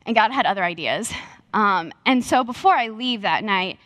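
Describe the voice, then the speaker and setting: A young woman preaching, telling a faith story with earnest, animated energy and acting out her own quotes. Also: mid-range voice, normal speed, dry recording. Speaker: speaker sharing testimony. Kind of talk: sermon-style storytelling.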